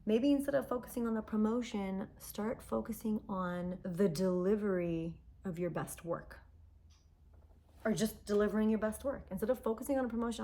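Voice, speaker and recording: A woman talking casually to camera from a quiet room at home. She speaks earnestly, with animated, heartfelt emphasis. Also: mid-range voice. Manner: earnest and animated, acts out quoted dialogue. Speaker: self-development vlogger. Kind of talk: casual personal talk to camera. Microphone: phone. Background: dog and traffic sounds at times.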